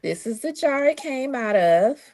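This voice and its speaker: A woman's voice: sits high, lively intonation, measured pace, crowd noise. A woman guest in a casual stream chat, sassy and folksy, showing home-canned greens.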